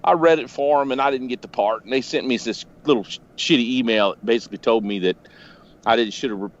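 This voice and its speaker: On a casual podcast call from home, a man with a medium-pitched voice quickly tells rambling, profanity-laced stories in an animated way. The lo-fi recording carries faint noise.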